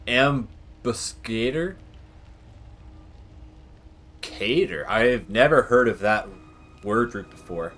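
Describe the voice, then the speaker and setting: A man's voice: mid-range voice, lively intonation, takes it slowly, long pauses, fairly bright tone. A young man, chatting casually over strategy gameplay and drifting into long tangents. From Canada. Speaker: gaming channel host.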